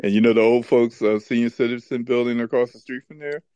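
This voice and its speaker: A man co-hosting a casual podcast, mid-pitched and chatty, telling stories and breaking into laughter often. His voice is recorded close on a podcast mic, with a dry sound and no room around it. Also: quick pace, clean tone, no room sound, muffled recording. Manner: animated storyteller who laughs often. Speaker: podcast co-host. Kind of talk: casual chat and storytelling.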